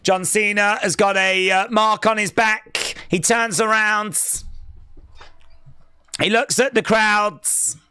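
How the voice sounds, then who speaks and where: A man's voice: sits high, steady tone, takes it slowly, long pauses, bright, forceful tone, slight background noise. A man hosting a live wrestling watch-along with teasing, sarcastic play-by-play. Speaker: live stream host.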